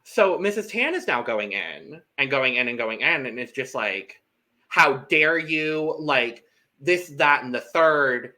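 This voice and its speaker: A podcast co-host recaps a reality show in casual conversation, animatedly acting out the contestants' lines. He has a medium-pitched voice and an unhurried delivery.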